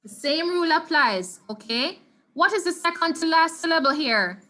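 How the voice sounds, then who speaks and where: Bright-voiced Jamaican woman teaching online. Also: very high-pitched, expressive. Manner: patient, repeats words slowly for students. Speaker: Spanish teacher. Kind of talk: online class lesson. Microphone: computer mic on a video call.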